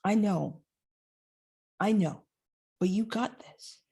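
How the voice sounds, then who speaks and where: A woman voicing her encouraging female inner wise woman, reassuring and upbeat, in a mellow, husky voice. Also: medium pitch, takes it slowly, full character voice.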